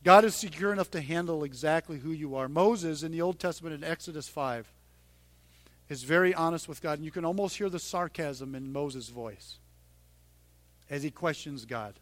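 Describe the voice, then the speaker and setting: A middle-aged man preaching a sermon in a conversational way, dropping to a hush and then rising loud and emphatic. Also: on the high side, normal speed, long pauses, no echo. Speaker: pastor.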